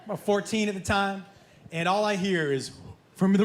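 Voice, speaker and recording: A man's voice: high voice, normal speed, crowd noise, noisy background. A middle-aged man doing stand-up, telling family stories and acting out the people in them. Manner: animated, acts out family members in quoted voices. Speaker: stand-up comedian. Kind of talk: stand-up comedy storytelling. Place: theater stage before a live audience. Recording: roomy live theater sound.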